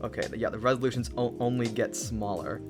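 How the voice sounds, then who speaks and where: A streamer chatting through a live game stream, moving between excited exclamations and mumbled asides. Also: medium pitch, fast. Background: faint lo-fi music.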